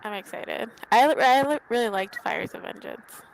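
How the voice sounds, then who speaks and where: A woman with a fairly high voice talks playfully in a relaxed group chat, laughing easily. A faint hiss of noise sits behind her. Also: normal speed, creaky, rough recording. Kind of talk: casual chat on a group video call.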